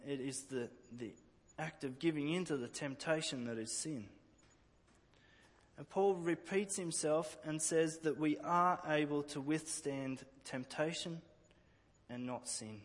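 An earnest male preacher delivers a sermon, doubling back on words as he restarts his phrases. His voice sits a little high for a man. The sound trails off in a long, reverberant tail. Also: measured pace. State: emotional at times.

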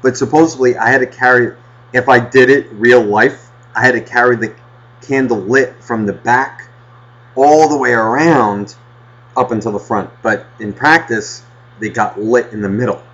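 A man casually telling a rambling childhood story on a podcast, swearing constantly and getting animated. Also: mid-range voice, normal speed. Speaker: podcast host. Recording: dull lo-fi podcast audio.

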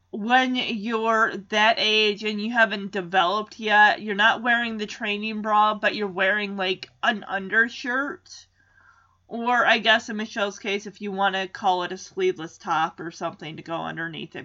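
A woman's voice: medium pitch, bright, forceful tone, muffled recording. A woman in her forties chatting casually as she recaps a sitcom episode, rambling into personal asides.

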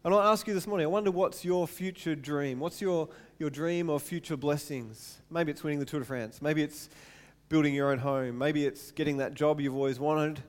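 A man in his thirties preaching a sermon to his church, animated and repeating words for emphasis. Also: on the high side, moderate pace, hardly any pauses. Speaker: pastor. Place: church hall.

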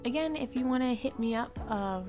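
A woman's voice: fairly high pitch, a little fast, music in the background. A young woman hosting a podcast, telling a personal story in a frank, confessional way and swearing freely. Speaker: podcast host.

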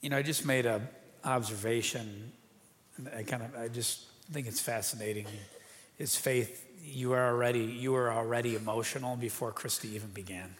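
A man's voice: medium pitch, steady tone, normal speed, slight background noise. A male pastor giving a sermon and repeating phrases for emphasis. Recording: reverberant large hall.

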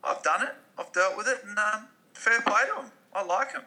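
A man's voice: sits high, brisk, bright, forceful tone. A man co-hosting a podcast with laid-back, jokey banter. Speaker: podcast co-host. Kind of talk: casual podcast chat.

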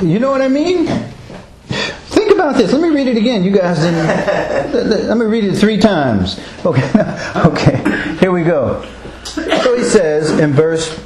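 Animated man teaching a Bible class. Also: high-pitched, moderate pace. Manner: animated, questioning the group, chuckling often. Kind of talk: teaching a Bible study group. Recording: roomy echo, faint background noise.

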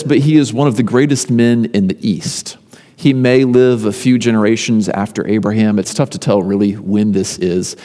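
A man preaching a sermon, retelling a story conversationally with emphatic lists and pauses. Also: mid-range voice, dark tone. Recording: long reverb of a large hall.

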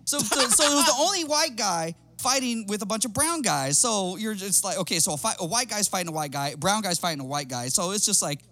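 A middle-aged man telling stories in casual chat as a podcast guest, animated and laughing, loudly acting out the people he quotes. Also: high-pitched, fast, hardly any pauses. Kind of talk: casual storytelling.

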